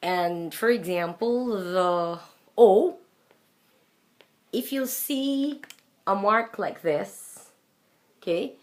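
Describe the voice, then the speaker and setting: A woman with a Filipino accent teaching English pronunciation, slowly and deliberately demonstrating sounds with repeated examples. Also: mid-range voice. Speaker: English fluency trainer. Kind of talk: pronunciation lesson.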